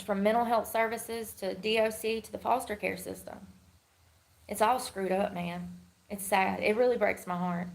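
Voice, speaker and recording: Candid rambling woman with a creaky voice. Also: mid-range voice, low-quality recording. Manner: laughs often. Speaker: live streamer. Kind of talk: casual live-stream chat.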